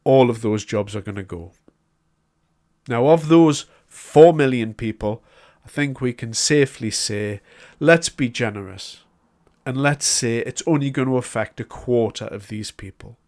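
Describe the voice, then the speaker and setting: A man's voice: medium pitch, measured pace, darkish tone. A man giving a solo political commentary, talking in a conversational, emphatic way as he builds his argument point by point.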